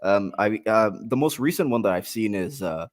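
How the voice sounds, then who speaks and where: Man, casual film chat, enthusiastic, very expressive pitch. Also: moderate pace. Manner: enthusiastic, laughs often, backchannels.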